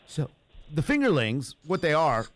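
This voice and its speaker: Lively, laughing man telling a story. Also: on the high side, moderate pace. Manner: animated storyteller, laughs often, puts on cooing baby talk to a toy. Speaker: radio show host. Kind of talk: casual comedic storytelling.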